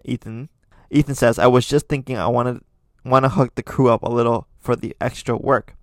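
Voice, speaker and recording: Talking fairly quickly with fairly even intonation, a podcast host reads out posts and tosses in blunt, opinionated asides, full of fillers and restarts. His middle-register voice is recorded dry on a close microphone, with no room sound.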